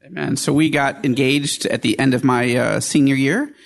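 A middle-aged man hosting a podcast, telling a personal story in a lively, animated way and acting out the quoted voices. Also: normal speed, vocal fry. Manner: animated, acts out quoted voices with rising pitch. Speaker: podcast host.

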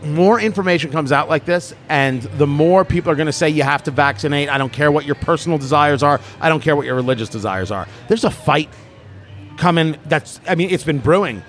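A man hosting a podcast in casual chat, animated and opinionated, often restarting his sentences. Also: on the high side, brisk, faint music behind. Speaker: podcast host.

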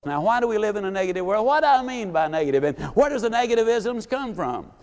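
A man giving a live motivational speech, folksy and animated, acting out quotes as he tells stories. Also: sits high, quick pace. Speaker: motivational speaker.

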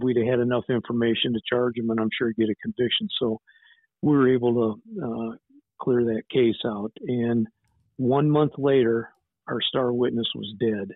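A man's voice: mid-range voice, no room sound. A man in his sixties, a private investigator, telling case stories in a blunt, rambling way. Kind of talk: casual interview storytelling. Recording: tinny phone-like line, dry.

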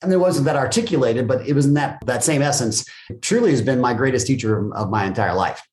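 A man's voice: medium pitch, fast, darkish tone. A middle-aged man, a guest in a podcast interview, telling stories energetically and swearing casually. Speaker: guest, business coach. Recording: roomy echo.

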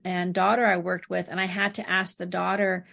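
Mulher de meia-idade com voz rouca e crepitante. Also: female voice, lowish voice, flat delivery, normal speed, vocal fry, a bit bright. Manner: anecdotal, quotes clients and family in dialogue. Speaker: therapist guest. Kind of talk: conversational interview.

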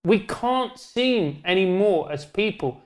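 A man, a podcast guest in animated, joking casual chat. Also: high-pitched, slow. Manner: animated, joking, rambling with restarts.

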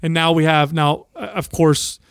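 An animated man spins a story over casual podcast banter, swearing freely as he goes. His voice sits a touch higher than most men's. The sound is dry and close, with no room echo. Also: moderate pace, clean tone. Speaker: podcast co-host. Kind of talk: casual chat.

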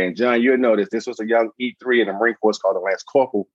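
A man's voice: fairly low pitch, quick pace, hardly any pauses, dry recording, muffled recording. A man in his thirties, a podcast guest and founder, telling a story casually and acting out the voices in his anecdotes. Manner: animated, acts out voices in anecdotes.

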